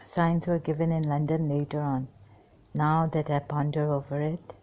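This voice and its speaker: A woman recounting memories in a halting personal monologue, pausing often, apologizing and trailing off. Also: low-pitched, little pitch movement, warm tone. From Pakistan. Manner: hesitant, many pauses and apologies, trails off.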